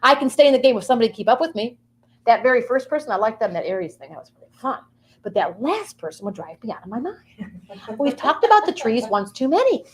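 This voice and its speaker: A woman's voice: fairly high pitch, big pitch swings, fast. A woman guest delivering a playful, rambling comic monologue in character, with sing-song asides.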